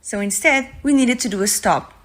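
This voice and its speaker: A woman from Portugal telling a travel anecdote, earnest and slightly halting. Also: on the high side. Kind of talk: casual storytelling.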